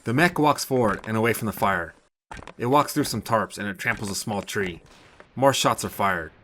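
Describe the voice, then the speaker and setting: A man narrating a short story in a steady, even storytelling manner. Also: on the low side, moderate pace, slight background noise. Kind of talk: scripted narration.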